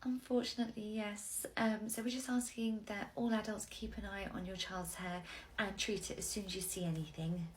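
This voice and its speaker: A woman playing a soft-spoken young nursery nurse in a comedy sketch, talking quietly and gently and often dropping to a near whisper. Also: mid-range voice, steady tone, moderate pace, slight background noise, pitched below the performer's own voice, close to an everyday voice, rough recording. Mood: calm.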